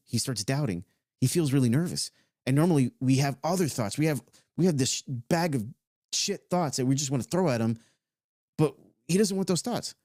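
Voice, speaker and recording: A man talks casually about self-help in a mid-range voice, loose and slangy, sometimes drawing words out slowly. The sound is dry and close, with no room around it. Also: medium pitch, mellow, no room sound. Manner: loose and conversational, with swearing and slow stretched-out phrases. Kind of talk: casual motivational talk.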